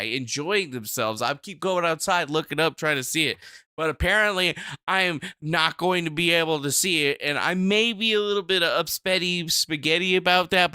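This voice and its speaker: A man hosting a live stream, chatting casually and rambling, with profane loud outbursts and mumbled asides to the chat. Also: on the high side, no room sound, clean studio sound. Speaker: livestream host.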